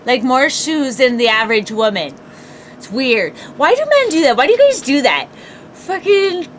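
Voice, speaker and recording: A woman's voice: high-pitched, fairly bright tone, slight background noise. A woman co-hosting a casual morning podcast, chatty, laughing often and asking rhetorical questions. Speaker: podcast co-host.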